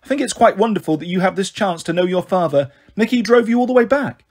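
A flighty, affectionate mother with a bright, brittle gush, as a man reads her. The voice sits high and lilting, with a husky edge. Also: lively intonation, fast. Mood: bright, forced.

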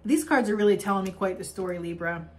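Young woman doing an oracle card reading, gushy and rambly, keeps laughing, normal pitch. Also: fast. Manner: effusive, rambling, with frequent laughs and fillers. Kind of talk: spiritual card reading monologue.

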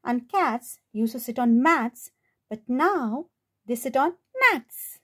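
A woman reading a picture book aloud to children as storyteller, warm and expressive. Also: on the high side, slow, breathy edge.

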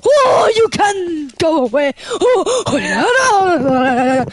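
A woman giving casual, excitable gameplay commentary as a streamer. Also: very high voice, very slow, no echo. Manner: excitable, yelps and exclaims while playing. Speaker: gaming streamer.

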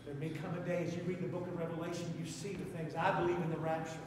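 A man's voice: fairly high pitch, little pitch movement, quick pace, distant mic. A man with an Appalachian accent preaching a sermon as pastor, with fervent, repetitive exhortations. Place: church sanctuary. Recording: echoey church hall, mic from afar.

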